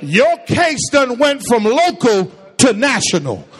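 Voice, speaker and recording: A man's voice: very high voice, sing-song, takes it slowly, a bit bright, long reverb tail. A man preaching a sermon to a congregation, firing questions at them and drawing call-and-response replies. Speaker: pastor.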